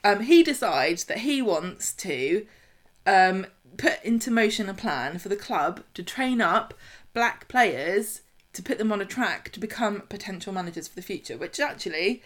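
A woman's voice: medium pitch, lively intonation, moderate pace. A woman co-hosting a casual podcast, recapping a soap opera in a chatty, sarcastic way with laughing asides. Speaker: podcast co-host.

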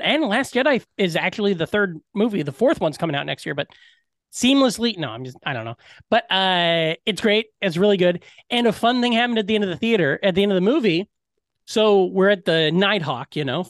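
A man's voice: sits high, no room sound. Man podcast co-host, rambling, swearing, jokey, dry close sound. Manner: rambling, profane, jokey storyteller. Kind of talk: casual chat.

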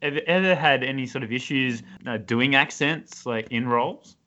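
Female interviewer, strikingly low voice, halting questions, muffled sound. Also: fairly bright tone. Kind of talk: casual interview.

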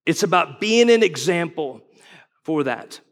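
High-voiced man preaching a sermon. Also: lively intonation, unhurried. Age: 40s. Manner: folksy, conversational, asks the crowd questions. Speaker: guest pastor. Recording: long reverb of a large hall.

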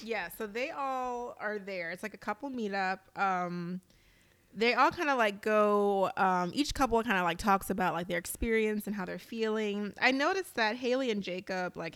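A woman with a smooth, clear voice recaps in loose, casual chat. She is chatty and uses lots of fillers, slipping into quick acted-out quotes. The sound is close and dry, with no room around it. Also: medium pitch, a bit bright, no echo. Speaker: podcast co-host.

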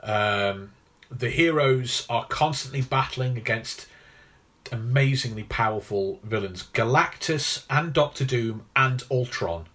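A man co-hosting a casual podcast, measured and hesitant with fillers, explaining comic book background. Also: mid-range voice, pushed and bright. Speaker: podcast co-host. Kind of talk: casual film and comics chat.

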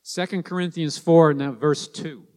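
A man's voice: on the high side, fairly even intonation, a little slow, darkish tone. Emphatic preaching man, echoing hall. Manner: emphatic, repeats key lines. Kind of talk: sermon.

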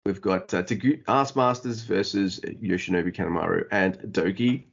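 Male co-host, lowish voice, relaxed, muffled lo-fi audio. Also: moderate pace, vocal fry, breathy edge. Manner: easygoing, laughs often, reads through lists. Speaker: podcast co-host. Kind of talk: casual wrestling chat.

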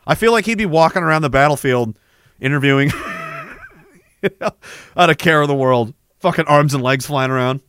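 A man riffing casually in a comic bit, animated and giggling often. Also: a little high, clean tone, no room sound. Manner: animated, giggling, quick to jump into voices.

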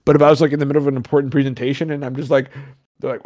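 A man's voice: medium pitch, flat delivery, racing, darkish tone, no room sound, clean studio sound. A man hosting a podcast, chatting casually in a rambling, joking way and swearing often. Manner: rambling, swears a lot, jokey asides. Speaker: podcast host.

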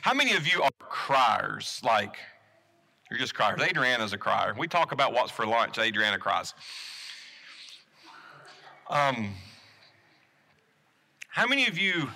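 High, bright-voiced man preaching casually. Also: sing-song, measured pace, long pauses. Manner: casual, asks the congregation questions, many restarts. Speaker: pastor. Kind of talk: conversational sermon.

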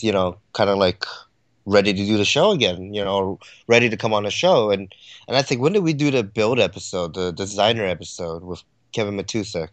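A man co-hosting a casual podcast chat, excitable and quick to laugh as he tells stories. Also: lowish voice, dry recording. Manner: excitable, laughs often, animated storytelling. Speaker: podcast co-host.

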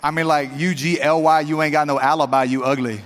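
A man's voice: on the high side, steady tone, brisk, in a large hall, slight background noise. A male pastor preaching a fervent, conversational sermon straight to his congregation.

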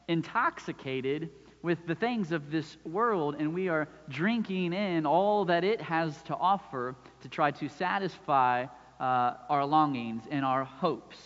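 A man's voice: on the high side, a bit bright. A man in his thirties preaching a sermon, talking conversationally and often checking in with "right?". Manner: conversational preaching with frequent "right?" tag questions. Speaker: pastor. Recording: dull sound with long hall reverb.

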